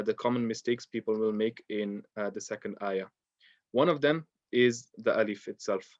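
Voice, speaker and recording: A man's voice: mid-range voice, dry recording, muffled recording. A man teaching a beginners' Quran recitation lesson, explaining step by step with a patient, filler-laden manner. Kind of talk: online lesson.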